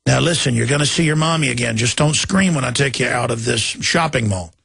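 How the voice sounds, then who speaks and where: A man mocking a soft-spoken male predator with a hushed, lisping, falsely soothing manner. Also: medium pitch, brisk, gravelly, slightly rough, no echo, studio quality.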